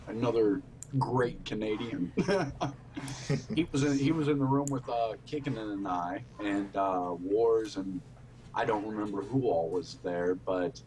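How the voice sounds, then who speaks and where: A man's voice: lowish voice, unhurried, mellow, slight background noise. A man hosting a casual podcast, telling stories with lots of laughs and swearing. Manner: laughing storyteller, swears freely. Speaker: podcast host. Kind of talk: casual memorial chat.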